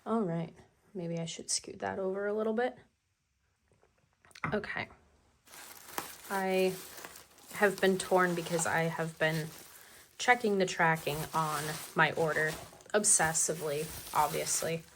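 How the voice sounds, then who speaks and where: A woman with a lowish voice talks unhurriedly through a planner unboxing, chatty and eager over the stationery. A faint hiss sits under her voice. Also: steady tone, unhurried, pauses often, a bit bright. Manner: chatty, enthusiastic about stationery. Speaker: planner vlogger. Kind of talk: casual unboxing vlog.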